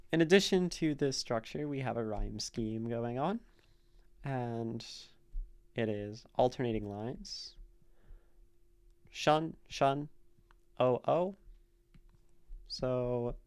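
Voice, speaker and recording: Slow, clear-voiced man thinking aloud. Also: medium pitch, darkish tone. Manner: slow, thinking aloud, reading verse lines aloud. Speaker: streamer analyzing poetry. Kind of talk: casual poetry analysis on a live stream. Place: streaming room.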